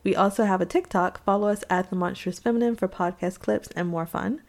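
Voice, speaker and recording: A woman co-hosting a podcast, chatting casually and laughing often, who reads the closing sign-off quickly. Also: mid-range voice, darkish tone, soft background music. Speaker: podcast co-host. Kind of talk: casual chat.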